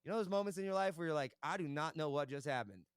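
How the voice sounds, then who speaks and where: A young man speaks fast and eagerly as an interview guest, recounting his business deals. His voice sits a little high, and the recording is dry and close. He keeps checking in with "right?" as he goes. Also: clean tone, no echo. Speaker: podcast guest, entrepreneur. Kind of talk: casual interview storytelling.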